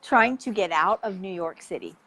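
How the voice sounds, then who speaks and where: Woman health coach in casual conversation; animated, chatty storyteller with an average-pitched voice. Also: moderate pace, poor audio.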